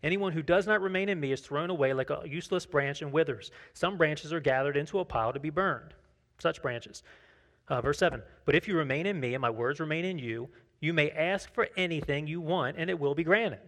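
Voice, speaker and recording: Guy preaching, slightly high voice, chatty, keeps asking the crowd stuff. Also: fairly quick, fairly bright tone. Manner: conversational, asks the congregation questions; tells personal anecdotes, acts out dialogue. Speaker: pastor. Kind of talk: sermon.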